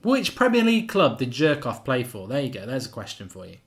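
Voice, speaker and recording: A man's voice: medium pitch, huge pitch swings, brisk. A man hosting a live football watchalong, chatting casually and reading out viewer comments. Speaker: watchalong host.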